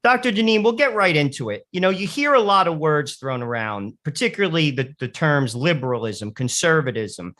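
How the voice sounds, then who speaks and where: A man's voice: fairly high pitch, lively intonation, brisk, few pauses, fairly bright tone. A man co-hosting a Catholic talk radio show, energetically leading a recited prayer and then posing questions to the guest.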